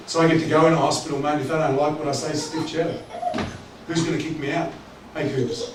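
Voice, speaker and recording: Joking pastor in an echoey church. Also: male voice, on the high side, fast. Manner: animated, joking, conversational preaching. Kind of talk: sermon. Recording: echoey church hall from a distance with background noise.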